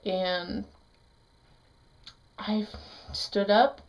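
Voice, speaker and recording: A middle-aged woman talks straight to the camera about something painful. Her speech is halting and raw, full of restarts and sudden bursts of bitterness. Her pitch sits in a plain middle range. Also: fairly even intonation, vocal fry, low-quality recording. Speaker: vlogger. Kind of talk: emotional personal story vlog.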